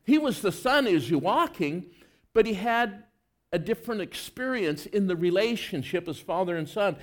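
A male preacher with a notably high voice delivers his sermon in an earnest, conversational way. He leans hard into emphatic lines, then sinks into soft, low stretches. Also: animated, normal speed.

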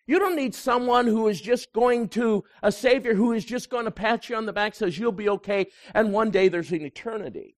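A man, a pastor, preaching a sermon that swings between loud emphasis and hushed, quiet moments. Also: high voice, fairly quick, few pauses.

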